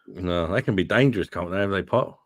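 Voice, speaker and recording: A man joins a livestream for a relaxed, chatty conversation, and he often asks questions. His voice sits fairly low, and the recording sounds dry and close, with little room. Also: fairly quick, no room sound. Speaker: stream guest. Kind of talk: casual chat.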